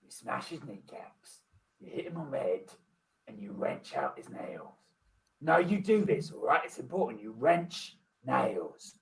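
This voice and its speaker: An improviser putting on the voice of a menacing thug who gives violent advice in a gruff, drawn-out way. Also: male voice, mid-range voice, big pitch swings, far from the mic. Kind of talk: improvised comedy scene.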